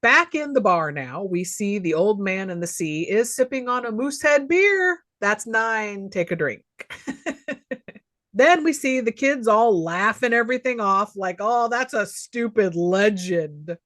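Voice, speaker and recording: A woman's voice: medium pitch, animated, measured pace, a bit bright. A woman co-hosting a podcast, recapping a film in casual chat and laughing often as she goes. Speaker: podcast co-host.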